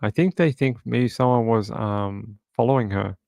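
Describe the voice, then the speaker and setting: A man's voice: medium pitch, moderate pace, gravelly, dark tone, no echo. A man hosting a true crime livestream from home, chatting casually and reading viewer comments aloud.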